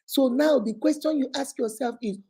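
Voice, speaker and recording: A woman with a somewhat high, husky voice gives motivational relationship advice with a preacher's insistence. Her tone is mellow rather than bright, and she talks straight to her listeners as sister and baby. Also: moderate pace. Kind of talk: motivational faith-based advice talk.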